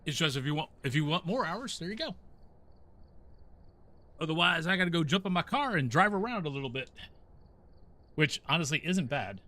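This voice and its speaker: While gaming, a middle-aged man chats casually with his stream viewers, rambling between stories and talking both to chat and to the game's ghost. His voice is a little high and bright, with lively intonation, a forceful tone, a moderate pace, and long pauses.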